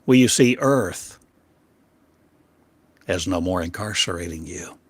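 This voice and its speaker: Slowly and with lively intonation, a slightly rough-voiced man preaches a channeled sermon as a spiritual teacher. His rhetorical questions arrive in brief, broken phrases, some loudly stressed, others dropping quiet and low.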